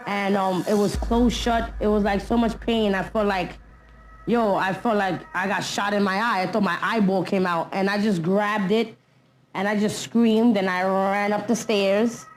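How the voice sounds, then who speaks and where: A woman's voice: mid-range voice, steady tone, a little slow, a little hiss or hum, low-quality recording. Blunt New woman, street slang. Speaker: interviewee. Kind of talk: candid documentary interview.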